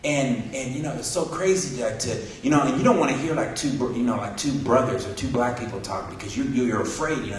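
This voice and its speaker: A man's voice: mid-range voice, fast talker, hardly any pauses. A man doing a stand-up comedy set, telling stories and acting out the people in them. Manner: animated storytelling, acting out other people's voices. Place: hall with a live audience. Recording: echoey hall from far off, audience laughing.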